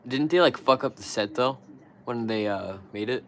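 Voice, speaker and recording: A man's voice: medium pitch, moderate pace, a bit bright. A young man streaming live, chatting casually in a crude, slangy, ranting way full of swearing.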